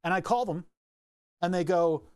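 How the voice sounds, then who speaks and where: A young man talks at his workbench in a loose, rambling way, poking fun at himself as he goes. His voice sits a little high, and it sounds dry and close, with no room sound around it. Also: moderate pace, clean tone, no room sound. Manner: rambling, self-mocking, laughs at himself. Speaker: maker streaming his workbench. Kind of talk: casual chat.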